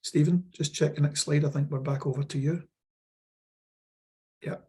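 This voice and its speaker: Scottish man with a very husky voice. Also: fairly high pitch, fairly even intonation, normal speed, mellow. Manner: loose, repeats words, many fillers. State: losing his voice. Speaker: workshop presenter. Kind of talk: webinar walkthrough.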